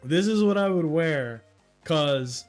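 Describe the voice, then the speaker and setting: A man's voice: a little high, expressive, takes it slowly, faint music behind. A young man with a Dominican-influenced American accent, chatting casually with viewers on a livestream, rambling through stories and laughing often. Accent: Dominican-influenced American English. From United States. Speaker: livestream host.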